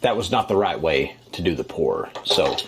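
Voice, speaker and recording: A man's voice: sits low, sing-song, normal speed. A man at home talking casually and playfully on video, chatty with a mock-serious edge. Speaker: comedian.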